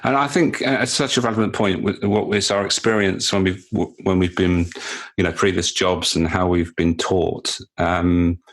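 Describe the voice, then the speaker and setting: Man, podcast host, very low voice, hesitant, repeats words. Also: fairly even intonation, normal speed, fairly bright tone. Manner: hesitant, repeats words while thinking aloud. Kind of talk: podcast interview.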